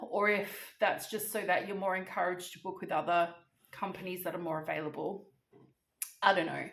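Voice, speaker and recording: A woman telling a story vlog-style in a chatty, animated, casually swearing way. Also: mid-range voice, roomy sound. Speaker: vlogger.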